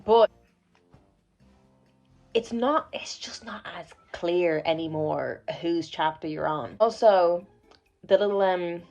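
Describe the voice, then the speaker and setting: Brief: young woman, low-ish voice, rambling casual vlog chatter, slightly muffled recording. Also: takes it slowly, pauses often, darkish tone. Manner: chatty and rambling, many "like" fillers and restarts. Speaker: book vlogger. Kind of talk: casual chat, reading vlog. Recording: slightly dull lo-fi sound with faint music. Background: faint background music.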